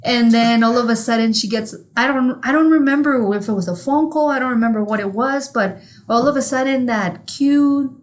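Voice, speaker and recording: A woman's voice: on the high side, moderate pace. A woman from Mexico whose first language is Spanish, co-hosting a podcast and telling a rambling, profane story with frequent laughter. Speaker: podcast co-host. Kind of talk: casual chat.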